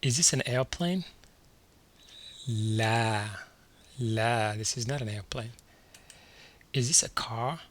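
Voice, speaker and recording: A man's voice: medium pitch, takes it slowly, pauses often. A man teaching a beginner language lesson over slides, patiently repeating each word and checking in with the learner. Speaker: Arabic teacher.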